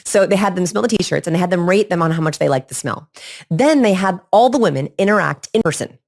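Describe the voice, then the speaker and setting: A woman speaking as a body language expert guest in a podcast interview, animated and demonstrating vocal tones. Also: on the low side, fast, vocal fry.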